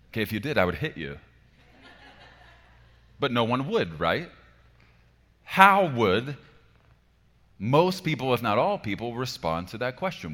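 Deep-voiced pastor preaching in a reverberant hall. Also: male voice, sing-song, moderate pace, long pauses. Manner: emphatic, rhetorical questions, swings between soft and loud. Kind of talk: sermon.

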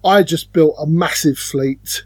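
A man's voice: a little high, measured pace, a little mellow, breathy edge, no echo. A British man co-hosting a podcast, chatting casually about board games and telling stories with playful put-on voices. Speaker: podcast co-host.

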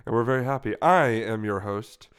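A man's voice: fairly low pitch, moderate pace, clear, resonant tone. A young man hosting a podcast in casual, joking chat, rambling and playful. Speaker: podcast host.

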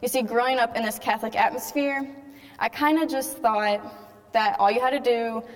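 A woman's voice: fairly high pitch, fairly even intonation, moderate pace. A teenage girl giving a chatty personal testimony talk to a live audience and acting out bits of dialogue as she tells her story. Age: teens. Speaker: speaker giving a faith testimony. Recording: long hall reverb.

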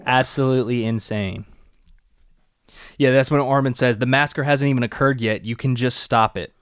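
Smooth-voiced young man recapping casually. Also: mid-range voice, steady tone, normal speed, no echo, clean studio sound. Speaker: podcast co-host.

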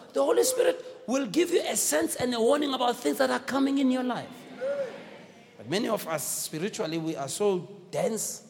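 A man preaches with a high, swooping voice that rises and falls widely as he exhorts his congregation and calls for their replies. His sermon carries the long echo of a church hall. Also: gravelly. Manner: exhorting, call-and-response with the congregation.

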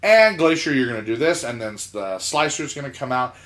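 A South Georgia man who co-hosts a podcast tells a story during casual chat, animated and laughing mid-sentence as he acts out the quotes of the people in it. His voice is mid-range and his pace fairly quick.

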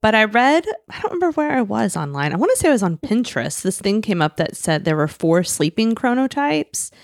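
A woman's voice: mid-range voice, sing-song, brisk, gravelly, no room sound, clean studio sound. A sleep-deprived woman co-hosting a podcast in casual chat, wry and full of fillers. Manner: chatty, filler-heavy, wry. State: short on sleep. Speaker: podcast co-host.

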